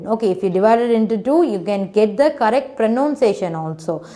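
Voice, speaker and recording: A woman's voice: medium pitch, animated, brisk, mellow. A woman teacher giving a phonics lesson to children, patiently sounding out words syllable by syllable in non-native English phrasing.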